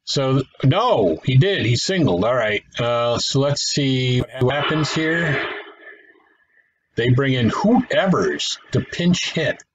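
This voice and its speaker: A man's voice: medium pitch, lively intonation, takes it slowly, rough recording. A man giving casual play-by-play commentary on a simulated baseball game, thinking aloud, correcting himself and adding wry asides. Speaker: gaming channel host.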